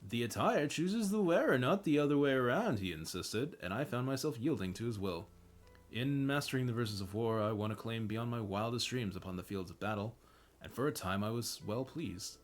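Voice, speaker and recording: A man's voice: medium pitch, lively intonation, normal speed, faint music behind, close to an everyday voice. A man reading the lines of a remorseful older male bard in formal, old-fashioned speech. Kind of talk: reading game dialogue aloud.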